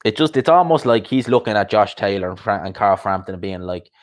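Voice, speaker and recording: A man with a lowish voice hosts a casual live-stream chat. He rambles in a conversational way, reading out viewers' comments and answering them as he goes. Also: expressive, fairly quick. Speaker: host of a live boxing chat show.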